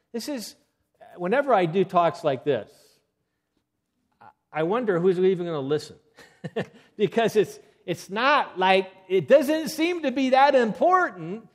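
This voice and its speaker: A man giving an earnest health lecture, emphatic and given to repeating key points. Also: high-pitched.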